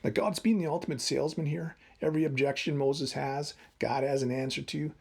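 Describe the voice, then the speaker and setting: A man in his fifties with a gravelly, husky voice, preaching in an easy, conversational way. He keeps a wry, humorous edge as he works through the story. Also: on the high side, steady tone, a little fast, darkish tone. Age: 50s. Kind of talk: devotional talk.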